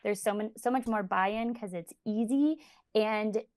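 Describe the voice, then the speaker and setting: A woman speech therapist, a guest on a podcast, describing her approach in a steady, practical way. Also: mid-range voice, a little slow, no echo. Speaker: speech-language pathologist, guest. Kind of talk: casual conversational interview.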